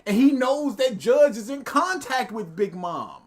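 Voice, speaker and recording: A man's voice: extremely high pitch, big pitch swings, a little slow. A man co-hosting a live react stream, animatedly commenting on a video and acting out quotes.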